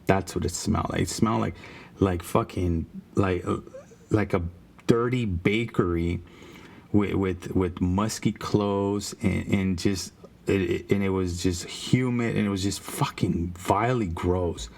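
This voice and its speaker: A man's voice: low-pitched, steady tone, a little slow, creaky, darkish tone. A man casually telling a rambling, profane story about his days as a car salesman. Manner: rambling, profane, with frequent restarts.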